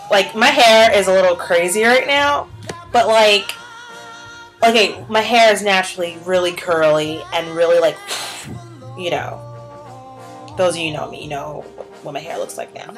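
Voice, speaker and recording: This vlogger, a young teacher, has a lowish, slightly bright voice captured on low-quality audio. Her chatty, meandering talk leans hard on "like" and "um," and she performs other people's quotes as she goes.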